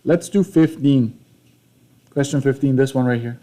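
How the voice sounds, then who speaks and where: A young male math teacher walking a classroom through problems, his voice mellow and dark in tone. He talks conversationally, repeats himself and keeps checking in with his students. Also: medium pitch, normal speed. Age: young adult. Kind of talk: classroom lesson walkthrough.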